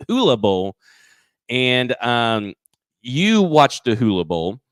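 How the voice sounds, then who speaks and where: A man at a middle pitch hosts a live sports show in casual chat. He reads out measurements and numbers with growing excitement, sometimes tripping over his words. The sound is dry and close, with no room around it. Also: slow, smooth, dry recording. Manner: stat-heavy, enthusiastic, stumbles over words. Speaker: sports podcast co-host.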